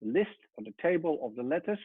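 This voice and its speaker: A man teaching a Hebrew lesson at a whiteboard, explaining step by step and often trailing off softly. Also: a little high, very animated, a little fast, breathy edge, no room sound. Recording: tinny phone-like sound.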